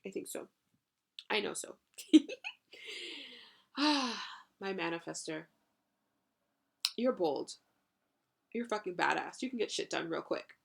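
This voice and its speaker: A woman's voice: fairly low pitch, expressive, slow, vocal fry, long pauses, husky. A woman hosting a channeled spiritual podcast, talking effusively with casual swearing and lots of "you know" and "right?". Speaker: podcast host and spiritual coach.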